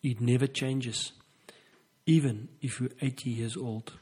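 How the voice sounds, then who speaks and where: A man speaking as a couples therapist in a reflective motivational talk, with slow, earnest and emphatic phrasing. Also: medium pitch, steady tone, dark tone, husky, low-quality recording.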